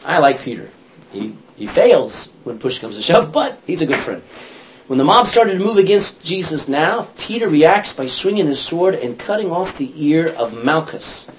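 Male Bible study teacher, very animated pitch, chatty storyteller, slightly high voice. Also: normal speed, a little hiss or hum. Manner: animated, chatty storytelling with self-corrections and laughs.

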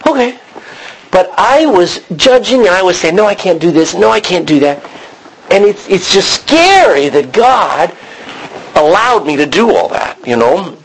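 Husky man preaching. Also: a little high, rough recording. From Texas. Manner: rambling storytelling, frequent restarts and self-quotes. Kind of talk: sermon.

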